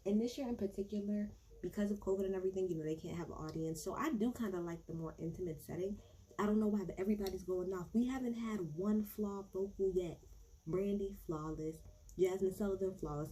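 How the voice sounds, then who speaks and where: A woman recapping an awards show in a casual chat to her viewers, animated and gushing, swearing freely as she talks straight to the camera. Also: mid-range voice, fairly quick, a little hiss or hum, rough recording.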